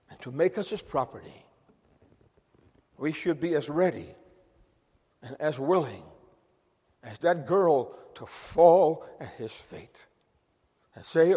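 A male preacher delivers a sermon with a slightly raised pitch, speaking earnestly. He pushes key phrases hard and then drops to near quiet. His voice trails off in the long reverb of a church sanctuary. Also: animated, a little slow, pauses often, breathy edge. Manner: earnest, emphatic, swings between loud stress and quiet.

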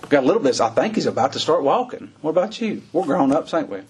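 A man preaching a sermon in a folksy way, laughing between points and climbing high in pitch when he stresses something. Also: big pitch swings, brisk, a little mellow, husky.

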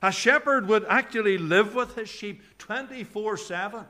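A male pastor preaching a sermon in church, earnest, dropping low and soft on scripture quotes. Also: normal speed.

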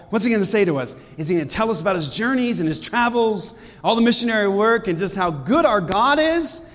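High-voiced animated preacher in a reverberant hall. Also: male voice. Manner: animated, conversational preaching with sudden emphatic outbursts. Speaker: pastor. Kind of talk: sermon. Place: church sanctuary.

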